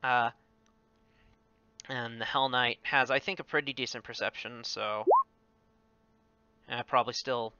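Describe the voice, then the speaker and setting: Guy gm for a tabletop game, super bright crisp voice, lots of ums, kinda dull lo-fi mic. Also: mid-range voice, fairly even intonation, no room sound. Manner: halting, full of ums and self-corrections. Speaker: game master. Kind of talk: running a tabletop game over voice chat.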